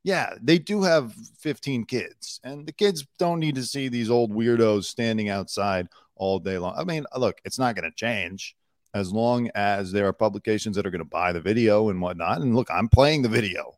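Male gossip-news host, sarcastic and blunt, somewhat low voice, dry close sound. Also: moderate pace, dry recording. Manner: blunt, sarcastic, swears casually. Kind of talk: casual news commentary.

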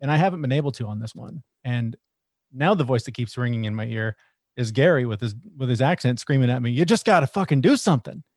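A middle-aged man co-hosting a podcast, talking in an earnest, reflective way as he thinks out loud in casual conversation. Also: mid-range voice, brisk, dry recording, studio quality. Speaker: podcast co-host.

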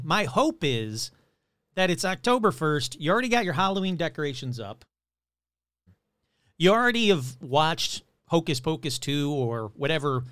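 A man hosting his own podcast in a chatty, rambling way, reading out shout-outs and plugs. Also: a little high, clean tone, no echo. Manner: chatty, rambling, animated delivery. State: losing his voice. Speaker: podcast host. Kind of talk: casual podcast chat.

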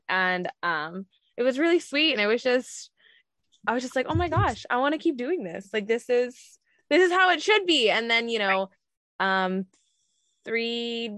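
A woman's voice: on the high side, a bit bright, dry recording. A woman talking casually about being a surrogate. She laughs often and acts out what other people said. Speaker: surrogate mother telling her story. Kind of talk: casual storytelling chat.

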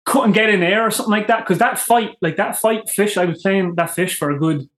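Irish guest, young and excitable, high-pitched with a roomy echo; a casual storyteller. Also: male voice, fairly quick. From Ireland. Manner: excitable, tells stories with swearing and acted quotes. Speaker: podcast guest.

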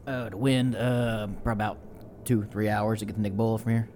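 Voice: mid-range voice, fairly even intonation, brisk, mellow, a little hiss or hum. A game master narrating a tabletop game in a casual, profane way full of fillers.

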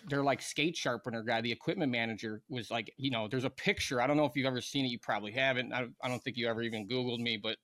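A man's voice: medium pitch, fast talker, hardly any pauses, pushed and bright. A man in his thirties, a former pro hockey player, casually telling a rambling story on a podcast with lots of fillers and laughter.

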